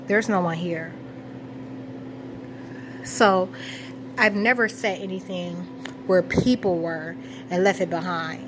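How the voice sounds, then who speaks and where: There's background noise behind this medium-pitched woman speaking to her camera. A vlogger, she muses through a rambling personal monologue, recounting memories and correcting herself as she goes.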